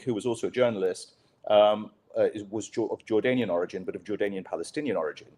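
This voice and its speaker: A man's voice: on the low side, darkish tone. A journalist man telling a candid, self-deprecating story as a podcast guest. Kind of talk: conversational storytelling.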